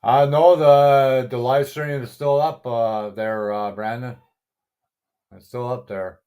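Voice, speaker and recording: A man's voice: medium pitch, slow pace, a little mellow. A middle-aged man hosting a casual live stream, greeting viewers by name, chuckling often and swearing mildly. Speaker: livestream host.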